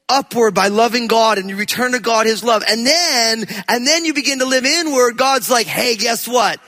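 A man from New Jersey preaching a sermon, chatty and storytelling at first, then rising into loud, emphatic preaching. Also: very high voice. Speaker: pastor.

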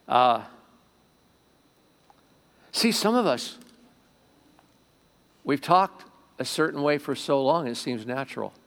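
A man preaching a sermon to a congregation as pastor, swinging between loud emphatic lines and quiet asides, often asking the room questions. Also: fairly high pitch, animated, slow, long pauses. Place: church sanctuary before a congregation.

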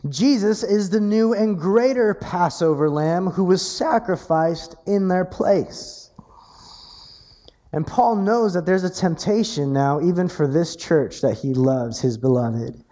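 A man preaching a sermon, animated and earnest, often stammering over repeated words as he builds emphasis. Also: high voice, slow pace. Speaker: pastor.

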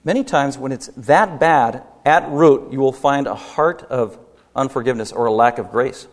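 A man preaching a sermon as pastor, emphatic, rising to loud peaks and dropping low, with rhetorical questions to the congregation. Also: moderate pace. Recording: long hall reverb.

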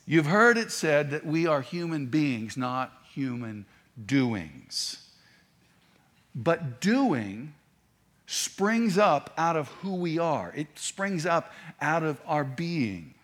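A man's voice: on the high side, sing-song, slow, a bit bright. A man preaching a sermon, talking in a conversational way with asides and restarts. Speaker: pastor.

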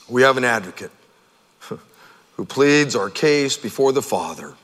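A middle-aged man preaching a sermon as pastor, conversational and animated, acting out quotes. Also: medium pitch, measured pace, pauses often. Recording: long hall reverb.

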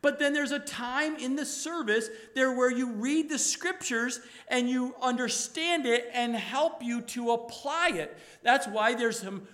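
Man preaching, very high pitch, bright tone, emphatic exhortation. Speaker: pastor. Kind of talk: sermon.

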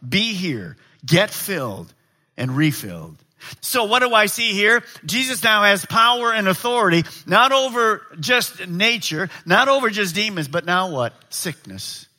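A middle-aged male pastor preaching a sermon, swinging from loud to hushed. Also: fairly high pitch.

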